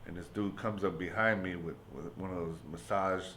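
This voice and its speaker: A man from San Francisco hosting a casual podcast chat, easygoing and profane, often answering with a quick "yeah". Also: sits low, steady tone, a bit bright. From United States, San Francisco. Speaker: podcast host.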